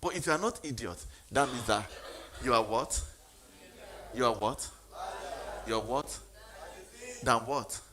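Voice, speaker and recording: A man's voice: medium pitch, expressive, a little slow, long pauses, pushed and bright. A man giving a motivational sermon, speaking emphatically and questioning the audience.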